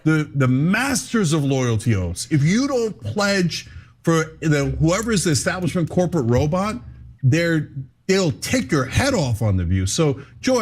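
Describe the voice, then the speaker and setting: Sarcastic male political talk host. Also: a little high. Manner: sarcastic, mocking, lively. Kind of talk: political commentary.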